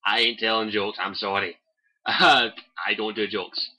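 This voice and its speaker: Young Scottish guy hosting a home livestream, sharp bright tone, loose and sweary, cheap mic. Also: lowish voice, steady tone, measured pace, rough recording. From Scotland. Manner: rambling, swears freely, many fillers. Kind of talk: casual livestream chat. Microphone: cheap desk mic by keyboard.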